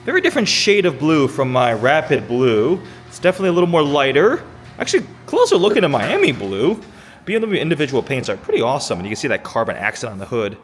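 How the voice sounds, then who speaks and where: A man's voice: medium pitch, fast talker. A man reviewing a sports car in a casual vlog, chatty and enthusiastic. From Michigan, USA. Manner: enthusiastic, chatty, rising excited exclamations. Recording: noisy outdoor car recording.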